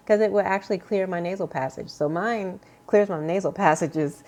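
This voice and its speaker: A woman talking earnestly to her viewers in an unscripted personal vlog, halting, with many fillers and restarts. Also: on the low side, darkish tone. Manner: earnest, confiding tone. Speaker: vlogger sharing a health update.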